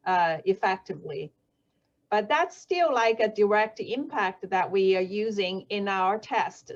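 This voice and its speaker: A woman with a Chinese first language, a helmet safety researcher, explaining things slowly and carefully, with frequent fillers and self-corrections. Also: mid-range voice. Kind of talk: explanatory talk. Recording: dull lo-fi audio.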